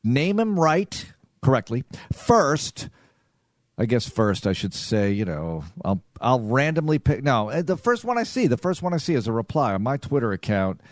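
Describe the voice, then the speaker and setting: A man's voice: medium pitch, very animated, normal speed, no echo. Male sports radio host, dry studio sound. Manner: conversational, runs promos and questions. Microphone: studio microphone.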